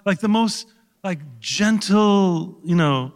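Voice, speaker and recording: A man, an actor guest, telling an animated anecdote on a talk show, laughing and swearing now and then. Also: sits high, normal speed, big-room sound.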